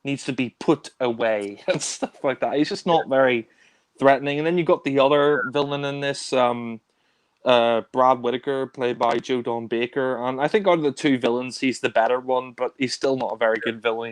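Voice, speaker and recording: A man's voice: mid-range voice, fairly even intonation, normal speed, clear, resonant tone, dry recording. Chatty man reviewing films. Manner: rambling, many fillers and restarts, laughs often. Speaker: film reviewer. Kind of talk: casual film discussion.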